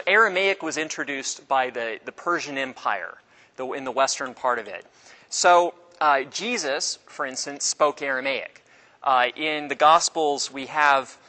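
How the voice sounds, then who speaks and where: Bright-voiced man giving a casual lecture. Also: a little high, rough recording. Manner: casual, halting, with many fillers and restarts. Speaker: teacher. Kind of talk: informal classroom lecture.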